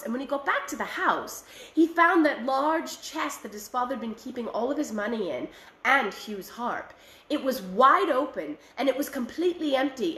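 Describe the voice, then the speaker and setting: A woman storyteller telling a folk tale aloud, expressive, recorded in an echoey room. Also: on the high side. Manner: expressive, shifting voices for characters.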